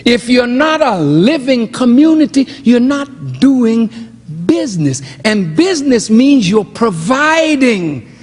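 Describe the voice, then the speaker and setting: An older man preaches a fired-up sermon in a high, swooping voice that leaps up to shouts and then falls to a near murmur. He takes his time over each phrase, and a long reverb from a large hall trails after his words. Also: sing-song, takes it slowly, faint music behind. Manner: preaching with shouted peaks and sudden drops. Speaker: minister. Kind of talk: fiery sermon.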